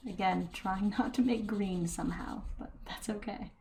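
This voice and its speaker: A woman painting and chatting quietly to herself, soft-spoken and hushed, gently talking herself through each step. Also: mid-range voice, normal speed, slight background noise. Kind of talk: casual narration while painting.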